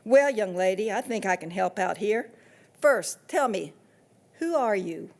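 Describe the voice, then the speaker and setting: A woman voicing a kindly middle-aged man who runs a funeral home, speaking in a calm, folksy, reassuring way. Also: medium pitch, measured pace, vocal fry.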